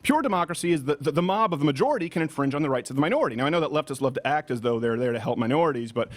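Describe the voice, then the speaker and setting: Fast-talking animated male host. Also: a little high. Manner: animated, mocking, breaks into shouted impressions. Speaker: talk show host. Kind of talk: political commentary show. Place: studio.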